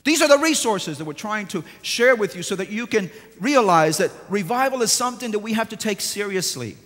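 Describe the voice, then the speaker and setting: A man, a pastor, delivering a sermon that swings from hushed, quiet passages to emphatic, rising declarations. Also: high-pitched, lively intonation, a little fast. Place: large church sanctuary. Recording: long church reverb.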